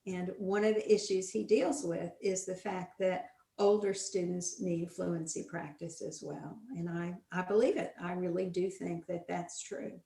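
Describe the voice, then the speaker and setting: A woman's voice: lowish voice, little pitch movement, measured pace, creaky, hardly any pauses, dark tone. A woman speaks as a guest educator, walking through her methods in a plain conversational way. She drives her key points home with repetition. Her voice carries a noticeable roomy echo. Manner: explanatory, emphatic with repetition. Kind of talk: conversational teaching talk.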